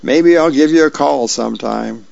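Earnest little cartoon girl, a gravelly man reading her lines, a bit higher, muffled lo-fi sound. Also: normal speed, darkish tone, no echo. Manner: lightly raised, read-aloud voicing. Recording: dull lo-fi recording.

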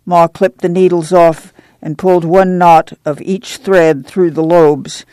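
A reader narrating a novel in a steady, measured storytelling manner. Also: medium pitch, clean tone, no room sound. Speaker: audiobook narrator.

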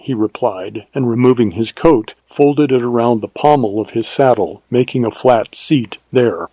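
A man reading a western novel aloud in a calm, even way. His voice is mellow and dark, and the recording is dry and close with no room sound. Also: mid-range voice, normal speed, hardly any pauses, husky, no echo. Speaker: audiobook narrator. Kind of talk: scripted narration.

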